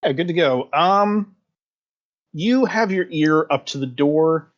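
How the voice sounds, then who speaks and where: A man's voice: a little high, takes it slowly, lo-fi sound. A man acting as game master for a tabletop game, explaining rules and describing scenes. He talks hesitantly, with plenty of fillers.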